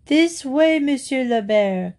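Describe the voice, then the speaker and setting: A woman's voice: high voice, lively intonation, slow, darkish tone, pitched above the performer's own voice, full character voice. Woman putting on a proud french shopkeeper guy, calling out big and emphatic. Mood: urgent. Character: excitable proud French village shopkeeper man.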